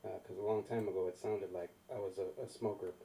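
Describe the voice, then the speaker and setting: A man performs an open mic stand-up set in a small comedy club, telling self-deprecating stories and acting out voices. His low voice is creaky and dark, with a level tone and a quick pace. The mic is distant, with faint room noise.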